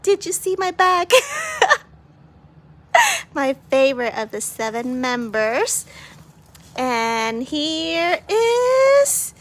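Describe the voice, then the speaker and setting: Young woman vlogger, giggly and bubbly, high and very lively voice, slow unhurried delivery. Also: slight background noise. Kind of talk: casual unboxing vlog.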